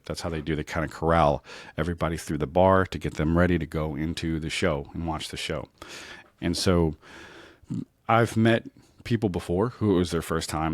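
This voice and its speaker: A man's voice: low-pitched, no echo. A man hosting his podcast, telling a rambling comic story and checking in with "right?" and "you know?". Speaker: podcast host.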